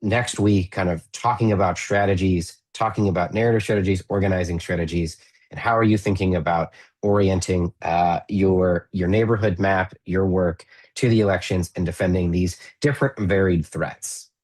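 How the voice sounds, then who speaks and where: A man's voice: low-pitched, fairly even intonation, moderate pace, darkish tone. A man co-presenting on an online training call, speaking loosely and informally with fillers.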